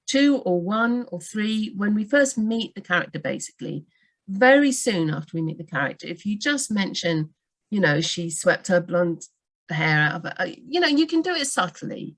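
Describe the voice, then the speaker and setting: Giving writing advice during a live Q&A on a video call, this book doctor speaks in a lowish voice, lively and prone to quick tangents and restarts.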